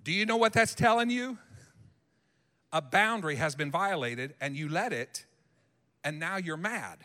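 A male pastor preaching a sermon in a church sanctuary, animated and emphatic, acting out what people say. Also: a little high, unhurried, long reverb tail.

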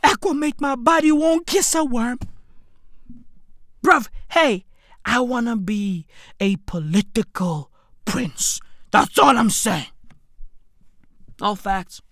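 A woman delivering a brash, slang-filled comedic rant with shouted bursts. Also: a little high, slow, long pauses, no room sound, studio quality. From South Africa.

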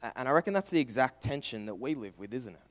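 Young aussie guy preaching, earnest, goes loud then hushed and soft, asks lots of questions. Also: medium pitch, animated, fast. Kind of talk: sermon.

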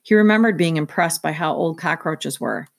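A woman narrating a children's novel aloud in a steady, clear storytelling manner. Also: sits low, normal speed. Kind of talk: children's book read-aloud.

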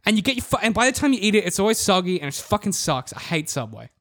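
A man's voice: high-pitched, sing-song, quick pace, a bit bright, no echo, studio quality. A man in casual chat, ranting with swearing and acting out both sides of a shop exchange.

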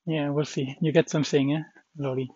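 A man's voice: a little high, flat delivery, a little fast, dark tone, breathy edge, lo-fi sound. A shaken man rambling about a dog fight, swearing under his breath and trailing off. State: shaken, adrenaline-pumped. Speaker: vlogger. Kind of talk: shaken personal vlog after a dog fight.

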